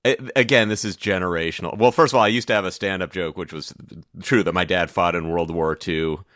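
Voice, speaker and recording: Older comedian guy, deep but sharp voice, dry sound. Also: steady tone, a little fast, dry recording. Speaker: podcast host, comedian. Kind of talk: casual chat.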